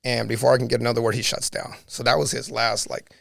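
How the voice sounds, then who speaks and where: A man's voice: mid-range voice, little pitch movement, quick pace, creaky, a bit bright, no echo, studio quality. A man guest on a podcast, telling a personal story earnestly, with lots of "like" and "you know".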